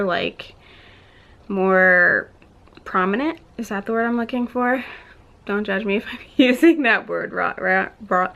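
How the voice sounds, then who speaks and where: A woman's voice: medium pitch, fairly bright tone. A young woman vlogging to camera, telling a story in a chatty, rambling way with lots of "like" and restarts, laughing often between words and a little out of breath.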